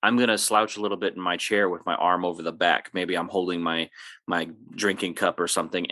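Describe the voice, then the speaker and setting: A man speaks in a lowish, bright tone, dry and close to the mic. He rambles in a relaxed way, full of "uh"s and "you know"s, while he shares his tips as a game master. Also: dry recording. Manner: relaxed, rambling with many fillers. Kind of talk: casual podcast chat giving advice.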